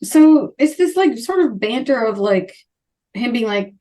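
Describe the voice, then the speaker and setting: A woman's voice: a little high, unhurried. A young woman co-hosting a podcast, casually recapping a book and acting out the characters' lines. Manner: animated retelling, acts out characters' lines. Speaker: podcast co-host. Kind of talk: casual book-club chat.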